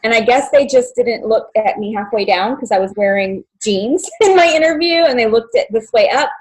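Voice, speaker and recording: A young adult woman telling her life story as an interview guest, halting, with many fillers and restarts, at times emotional. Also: on the high side, husky, low-quality recording. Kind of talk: personal story in podcast interview.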